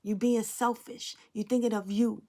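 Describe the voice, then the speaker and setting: A woman's voice: on the high side, little pitch movement, moderate pace, mellow. A woman giving a spiritual tarot reading to her viewers, preachy and blunt, talking straight at them and swearing now and then. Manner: preachy, blunt and emphatic, addressing viewers directly; swears casually. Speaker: tarot reader.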